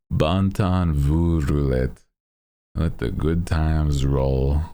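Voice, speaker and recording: Jolly Cajun man, a man's put-on voice, Cajun accent, slow and gravelly. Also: extremely low pitch, mellow, heavily acted. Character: cheerful Cajun man talking food and music.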